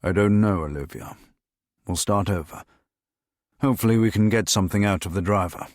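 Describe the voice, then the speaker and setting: A man voicing a weary senior male officer who talks in a low, tired mutter. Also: steady tone, rapid-fire, no echo, studio quality, close to an everyday voice.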